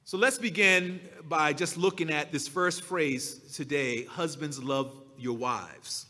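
A man preaching a sermon as pastor, slow and emphatic, drawing out his key words. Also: sits high, bright, forceful tone, in a large hall.

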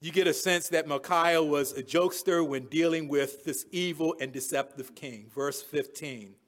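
A man with a notably high voice delivers a sermon, walking his listeners through a scripture passage verse by verse. He retells the story in casual, modern words and laughs along at his own humor. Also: moderate pace. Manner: chuckles at his own jokes. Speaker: preacher. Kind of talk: expository sermon.

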